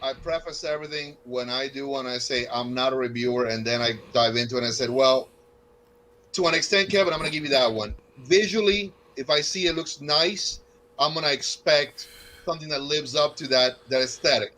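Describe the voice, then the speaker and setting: A man from North Carolina with a Southern accent, co-hosting a casual cigar chat and telling stories with animated quoted voices. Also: medium pitch, brisk, poor audio. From North Carolina, USA.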